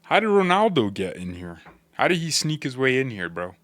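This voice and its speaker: A man hosting a football fan channel, chatting casually to his viewers with joking, slangy, animated reactions. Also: medium pitch, normal speed, no echo. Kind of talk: casual commentary to chat.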